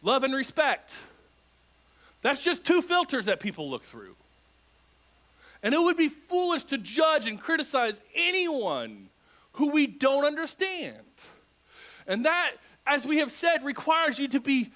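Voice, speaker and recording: A man's voice: very high voice, measured pace, pauses often, poor audio. A male pastor preaching a conversational sermon in a church, often checking in with the congregation through rhetorical questions. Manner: animated, asks the crowd rhetorical questions.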